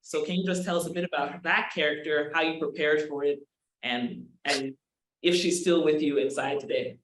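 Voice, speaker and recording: A man's voice: a little high, fairly even intonation, moderate pace, a bit bright. A man hosting an interview, asking loose, rambling questions. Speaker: interview host. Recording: roomy with faint noise.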